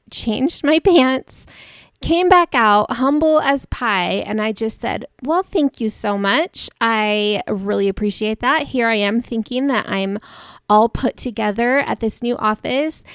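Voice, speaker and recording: Woman host, chatty self-deprecating storyteller, gravelly edges, close and dry. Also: on the high side, no echo. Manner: chatty and warm-humored, laughs at herself. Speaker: podcast host. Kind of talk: personal storytelling monologue.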